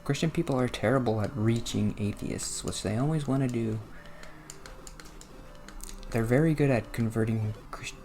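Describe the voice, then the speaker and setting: A man's voice: medium pitch, normal speed, pauses often, dark tone, slight background noise. A man from New Jersey talking casually while playing a video game, rambling and self-deprecating, groaning and laughing at the game. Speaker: gaming vlogger.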